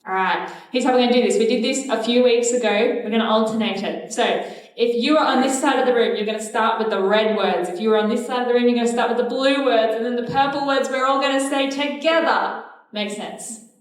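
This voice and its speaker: Young woman teacher, chatty bible story, slightly high voice, big echoey hall, mic far off. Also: a little fast. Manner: chatty, uses fillers, directs the group. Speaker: children's church teacher. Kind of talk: casual Bible storytelling and group recitation. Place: church hall.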